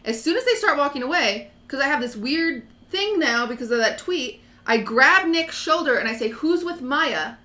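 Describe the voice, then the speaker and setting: A woman streamer with a bright, fairly high voice tells a story in casual chat. She is animated and acts out other people's lines, and her voice echoes in the room. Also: moderate pace, few pauses.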